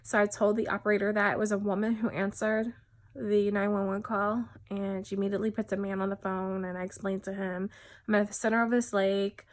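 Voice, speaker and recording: A widow from New Jersey, USA, gives a personal testimony in a soft-spoken, mid-range voice with a level tone. She speaks haltingly, with many fillers and restarts, and her voice often drops soft.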